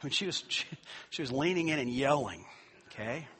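Husky, bright-voiced male pastor preaching. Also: mid-range voice, expressive, fairly quick. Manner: conversational storytelling, rising to emphatic preaching. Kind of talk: sermon with personal story.

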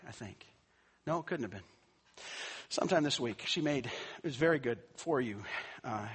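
A man's voice: fairly high pitch, a bit bright, husky. A middle-aged man, a pastor, tells a family story in a conversational way and then preaches with rising emphasis. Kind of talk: sermon with personal story.

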